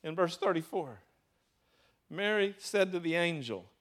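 A man's voice: sits high, lively intonation, measured pace, fairly bright tone. A man with a Southern US accent preaching a sermon, throwing rhetorical questions to his congregation. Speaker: pastor.

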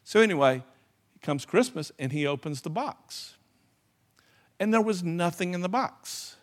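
A man preaching a sermon, telling stories in a rambling, animated way and often restarting his sentences. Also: high voice, measured pace. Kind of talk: sermon with storytelling.

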